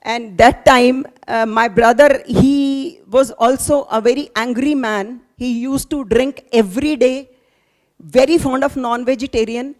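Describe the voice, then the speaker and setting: A middle-aged woman with an Indian accent giving an earnest, halting testimony about her experience to an audience. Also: a little high, steady tone. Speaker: attendee sharing experience. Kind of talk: emotional testimony.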